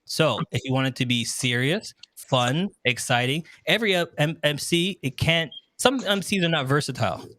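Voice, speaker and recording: A man hosting a casual show, talking in an animated, joking way and laughing often, on a close handheld microphone. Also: fairly high pitch, moderate pace, hardly any pauses. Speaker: host and wedding MC. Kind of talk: casual talk show chat.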